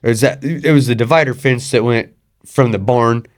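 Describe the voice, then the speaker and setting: A man recalling a farm mishap in loose country phrasing, restarting his sentences as he goes. His voice sits in a middle range, and his delivery is relaxed and chatty. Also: medium pitch, normal speed. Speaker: guest. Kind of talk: casual storytelling chat.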